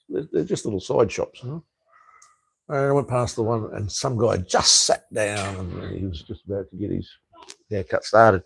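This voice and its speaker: A man's voice: fairly low pitch, fairly even intonation, normal speed, vocal fry, slightly rough, dry recording. A middle-aged man, chatting casually on his live stream, rambling, swearing freely and full of ums and restarts. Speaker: livestream host.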